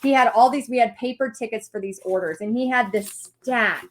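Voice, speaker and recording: A woman telling a personal story to an audience in a lively way, acting out what people said. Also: fairly high pitch, normal speed, a little hiss or hum. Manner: animated storytelling with acted-out quotes. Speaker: paint party business teacher.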